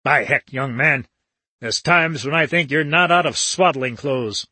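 A man's voice: a little high, a little slow, pushed and bright, breathy edge, dry recording, full character voice. A man voicing an irritable, dyspeptic little older man who snaps out indignant questions.

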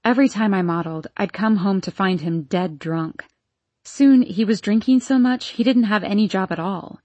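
A woman reading the lines of a bitter, scheming nurse in an audiobook, with a sharp, resentful manner. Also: medium pitch, moderate pace, dry recording, lo-fi sound, close to an everyday voice.

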